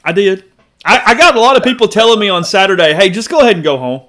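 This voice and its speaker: A male co-host talks fast in a casual sports chat. He keeps up teasing back-and-forth banter. His voice sits a little higher than most men's. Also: expressive, a bit bright.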